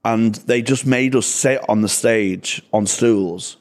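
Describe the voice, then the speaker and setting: Sweary Mancunian lad, low voice. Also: male voice, takes it slowly. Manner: sweary, anecdotal, self-deprecating. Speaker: comedian guest. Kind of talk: casual podcast chat, storytelling.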